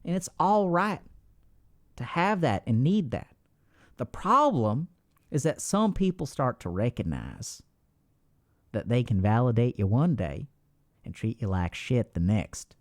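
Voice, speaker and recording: A man's voice: mid-range voice, expressive, measured pace, pauses often, lightly acted. A man putting on a Texan accent to play a folksy, drawling adviser full of homespun sayings. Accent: put-on Texan drawl.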